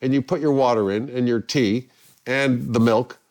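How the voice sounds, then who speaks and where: An older man from England, a guest telling anecdotes in a lively way and acting out the people he quotes. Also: mid-range voice, normal speed. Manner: lively, acts out quoted voices. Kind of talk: anecdotal storytelling.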